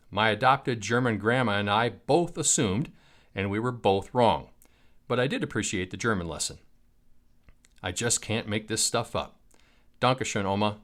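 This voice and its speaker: A man's voice: mid-range voice, fairly bright tone. An American man telling a personal travel story in a wry, self-mocking way. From United States.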